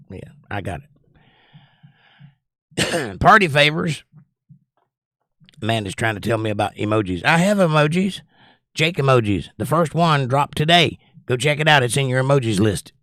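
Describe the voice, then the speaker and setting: A man's voice: mid-range voice, a bit bright, dry recording. Guy hosting a chill livestream, rambles and reads chat, dry voice no room sound. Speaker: livestream host. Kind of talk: casual chat reading viewer comments.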